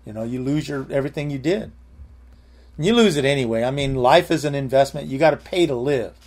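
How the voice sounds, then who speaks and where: A man's voice: mid-range voice, expressive, fairly quick, a little mellow. A man preaching a sermon in a loose, conversational way, full of restarts and calls of amen. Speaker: pastor.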